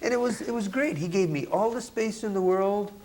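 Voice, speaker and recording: Animated middle-aged man telling stories. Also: sits high, a little fast, slight background noise. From Buffalo, New York, USA. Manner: animated, laughing storyteller who acts out quotes. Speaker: guest musician, jazz saxophonist. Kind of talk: casual anecdotal storytelling.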